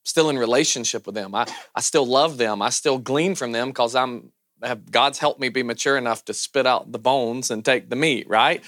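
A man with a Southern American accent preaching a sermon as a pastor, loud, animated and self-deprecating. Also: medium pitch, moderate pace, no room sound, clean studio sound.

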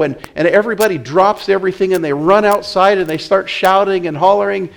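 A man preaching a sermon in an animated way, often repeating words as he acts out the scene. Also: sits high, brisk, vocal fry, hardly any pauses.

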